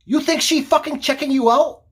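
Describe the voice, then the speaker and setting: A man voicing a short, angry stranger who yells and swears in broken grammar. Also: very high-pitched, a little fast, voice pushed up. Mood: hostile.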